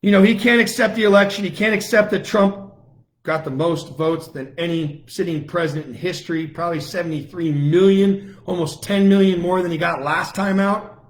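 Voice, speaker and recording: A man's voice: high voice, steady tone, normal speed. A middle-aged man from the United States, hosting his own online show and delivering a combative political monologue full of taunting, repeated challenges. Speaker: lawyer and online show host.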